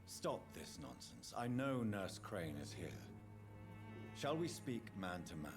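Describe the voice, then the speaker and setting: A formal, persuasive doctor in a game. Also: male voice, fairly low pitch, very animated, takes it slowly, over music, full character voice. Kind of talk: video game voice acting.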